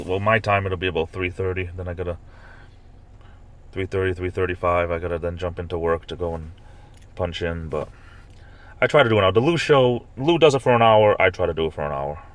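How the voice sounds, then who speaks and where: A man runs a casual live stream at a quick pace, chatting with his viewers and reading their comments out loud. He rambles, full of fillers and restarts, and leaps into high-pitched mock outrage whenever he starts ranting.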